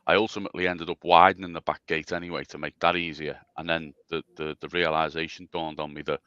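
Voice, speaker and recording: A man's voice: very deep voice, flat delivery, fast, bright, forceful tone, smooth, dull audio. A man chatting casually as a guest on a livestream, rambling and self-deprecating with stammering restarts. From England. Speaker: special guest.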